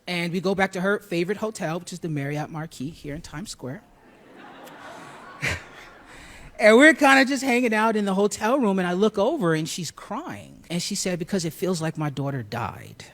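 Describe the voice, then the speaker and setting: A man from Buffalo telling a personal story, expressive and acting out the lines he quotes. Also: high-pitched. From Buffalo, New York.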